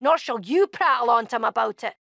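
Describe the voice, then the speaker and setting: Sharp-tongued fiend girl. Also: fairly high pitch, lively intonation, brisk, vocal fry, no echo. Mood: hostile, scornful. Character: fierce, prickly young fiend-blooded woman. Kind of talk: video game character dialogue.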